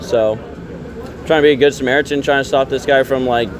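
A man live streaming on a city street at night, talking excitably and confronting the people around him, filmed on a handheld phone. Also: medium pitch, a little fast. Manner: excitable, confrontational, talks over others. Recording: busy street crowd noise.

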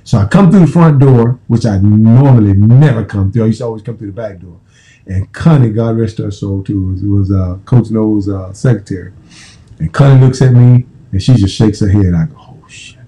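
Man in his fifties, american, former football player, casual profane storytelling, very dark voice. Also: on the low side, normal speed, poor audio. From United States. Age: 50s. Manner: profane, repetitive, restarting phrases.

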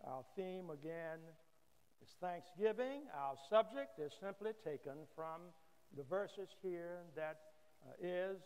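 Slow-preaching man in a reverberant church. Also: high voice, animated, darkish tone, smooth. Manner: measured, frequent "uh" pauses, repeats key phrases. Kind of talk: sermon. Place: church sanctuary.

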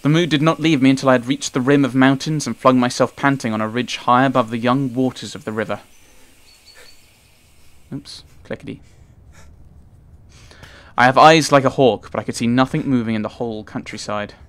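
A man's voice: mid-range voice, steady tone, fast talker, few pauses. A man hosting a let's play, reading game narration aloud with playful, chatty asides.

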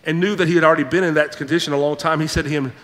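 A male pastor preaching a sermon, reading scripture and then acting out the people in it with lively, animated delivery. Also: on the high side, racing, big-room sound. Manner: animated preaching, acts out quoted voices. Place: church sanctuary.

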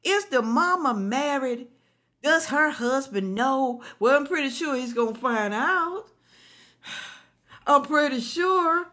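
A woman's voice: high-pitched, animated, takes it slowly, bright, forceful tone. A woman hosting a reaction video, commenting indignantly and preaching to viewers.

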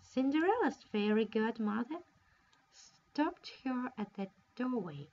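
A woman, a native Russian speaker, reading a fairy tale aloud in a careful, expressive storytelling manner. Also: fairly high pitch, slow pace. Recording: dull lo-fi recording.

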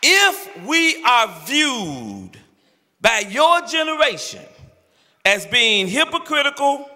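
An older male pastor preaching an impassioned, pleading sermon with rhythmic repeated phrases and shouted peaks, recorded in a large church sanctuary. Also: extremely high pitch, very animated, takes it slowly. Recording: echoey church hall with long reverb.

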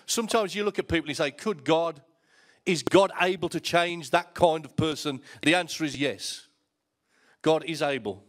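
Middle-aged male pastor, preaching in a storytelling manner, voice sits a little high. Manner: storytelling, repeats words when starting a thought. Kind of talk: sermon.

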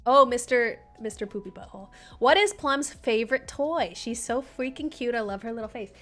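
A woman's voice: on the high side, animated, moderate pace, fairly bright tone. Chatty woman streamer, faint music. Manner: chatty, talks baby-talk to her dog. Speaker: live streaming and community manager. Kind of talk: casual livestream chat.

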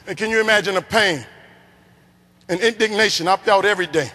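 New Orleans man, very high voice, animated motivational speaker, big hall echo. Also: normal speed, pauses often, slight background noise. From New Orleans, Louisiana. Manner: animated, acts out voices in his story. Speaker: keynote speaker. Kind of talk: motivational storytelling speech. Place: large conference hall. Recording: long hall reverb.

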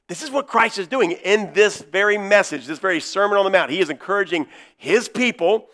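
A male pastor preaching a sermon in a church, stressing key words by slowing down and repeating them. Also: high-pitched, animated, fairly bright tone.

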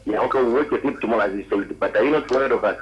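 A man calling in by phone, asking hurried, hesitant questions. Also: mid-range voice, dull audio. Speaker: caller. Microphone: phone call.

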